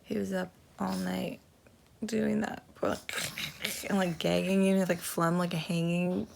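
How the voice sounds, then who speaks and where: A woman's voice: lowish voice, flat delivery, unhurried, creaky, a little mellow, a little hiss or hum. A young woman, a tired mother, chatting casually into her phone at home in a family vlog, sighing and saying "like" often. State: exhausted. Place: messy family home, indoors. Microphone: phone held while filming.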